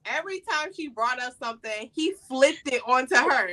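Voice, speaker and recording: A woman with a bright, clear tone and a fairly high voice, hosting a relaxed podcast chat. She talks expressively and leans hard on her points. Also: normal speed. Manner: expressive, emphatic. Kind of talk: casual chat reviewing a reality show.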